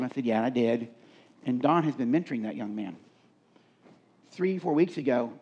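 Telling stories and quizzing the audience in a casual way, a middle-aged man speaks at a live leadership seminar. His mid-range voice has a slight mellowness, and the recording sounds dull.

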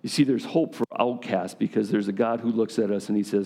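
A man's voice: fairly low pitch, fairly even intonation, brisk, dark tone. A man preaching a sermon to a gathering of men in a conversational style, often putting questions directly to his listeners.

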